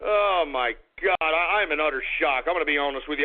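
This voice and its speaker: A man's voice: fairly high pitch, expressive, fast. A man hosting a radio show, ranting in an exasperated, rambling way and repeating himself as he talks to his listeners. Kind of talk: comedic radio rant. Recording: tinny phone-like radio audio.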